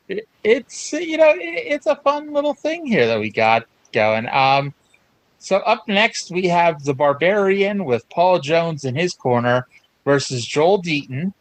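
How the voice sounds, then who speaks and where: A man chats about old wrestling as a podcast host, lively and fairly high-pitched. His voice is close and dry with no room sound. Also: slow, no echo, low-quality recording. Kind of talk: casual chat.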